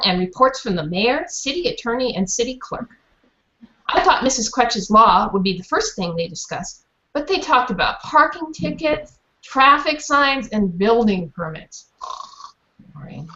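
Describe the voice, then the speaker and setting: A woman narrating a children's storybook with expressive, animated reading. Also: a little high, dull audio.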